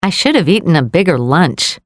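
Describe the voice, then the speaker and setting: A woman reading pronunciation example sentences in a clear, demonstrative way. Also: fairly low pitch, big pitch swings, normal speed, no room sound, studio quality.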